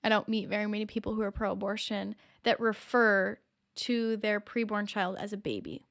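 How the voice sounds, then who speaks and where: A woman's voice: medium pitch, normal speed, gravelly, fairly bright tone. A woman hosting her own show, delivering impassioned, emphatic opinion commentary straight to the viewer. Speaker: show host.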